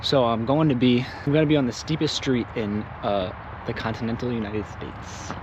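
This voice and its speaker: A man's voice: mid-range voice, steady tone, normal speed, lo-fi sound, background noise. A man casually vlogging outdoors, chatty and joking as he explains planting trees. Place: outdoors in fields.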